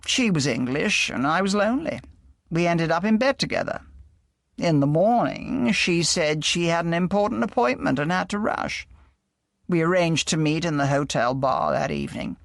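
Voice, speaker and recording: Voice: mid-range voice, very animated, normal speed, creaky, no room sound, studio quality. A reader voicing a weary, resigned man in his early forties in an audiobook. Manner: tired, resigned.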